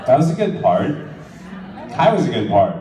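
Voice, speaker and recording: A guest actor from New Jersey, his mid-range voice showing big pitch swings at a normal speed, handles a casual fan Q&A at a convention panel. Joking, teasing, and laughing often, he's recorded in a large echoey hall with an audience, crowd noise, and a distant mic.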